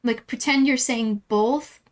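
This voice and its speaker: Giggly high-voiced woman streaming a game. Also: slow. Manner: giggly, playful, easily flustered. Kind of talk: casual live-stream chat with viewers.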